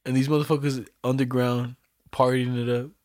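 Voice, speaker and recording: A man's voice: medium pitch, flat delivery, moderate pace, darkish tone, no room sound, studio quality. A young man in casual podcast chat, slangy and joking, laughing often as he tells stories.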